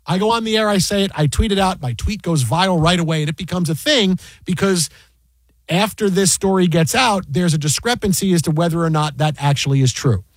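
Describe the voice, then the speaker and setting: A man who works as a sports broadcaster, casually recounting a work story in an animated, exasperated way. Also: high-pitched, a little fast, dry recording. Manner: animated, exasperated retelling with repeated asides. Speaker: fantasy football broadcaster.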